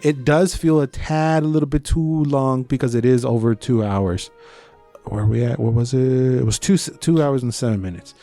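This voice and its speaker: A man's voice: medium pitch, moderate pace, warm tone, soft background music. A man co-hosting a podcast, chatting casually about a movie. He swears, acts out his own reactions, and mixes Spanish slang into his English. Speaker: podcast co-host. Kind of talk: casual movie review chat.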